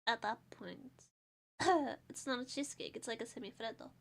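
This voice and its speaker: A Portuguese vtuber with a Portuguese accent chats casually on stream in a fairly high voice with vocal fry, at a moderate pace. She's playful and rambling, though she sounds stressed and tired.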